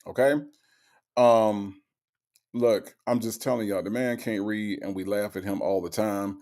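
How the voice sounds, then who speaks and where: A man's voice: fairly low pitch, level tone, a little slow, a little mellow. A man hosting a livestream, reading out viewer messages in a chatty, repetitive way that keeps tagging lines with okay and all right. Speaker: livestream host. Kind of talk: live-stream chat, reading viewer messages.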